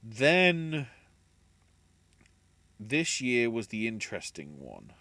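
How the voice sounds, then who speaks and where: Unhurried man chatting bright and dry. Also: mid-range voice, wildly swooping pitch, no room sound. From United Kingdom. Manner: rambling, self-correcting, chatty. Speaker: gaming channel host. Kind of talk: casual solo gaming commentary.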